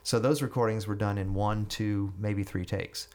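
A middle-aged man with a fairly low voice tells his story as a podcast guest. He talks chattily, stumbling over repeated words. He slips into playing the people in his tale. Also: steady tone, moderate pace, darkish tone. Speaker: guest musician.

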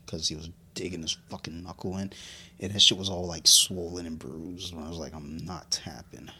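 Deep-voiced man, profane and tipsy. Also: level tone, fairly quick, sharp tone, husky. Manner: profane, laughing, storytelling. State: a little drunk. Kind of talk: casual chat.

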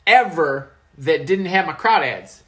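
A podcast co-host improvising a loud, pushy male New Orleans tourist in a comedy sketch, rambling and blustering. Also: medium pitch, animated, a little slow.

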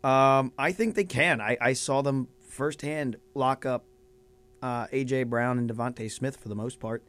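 A man co-hosting a casual sports podcast. He banters playfully and often pauses on fillers as he thinks. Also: mid-range voice. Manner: animated, playful, halting with fillers. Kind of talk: casual sports picks chat.

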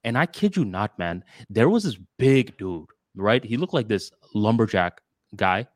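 A man co-hosting a casual podcast, telling a story in an animated way. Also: on the low side, a little slow, no room sound, clean studio sound. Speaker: podcast co-host.

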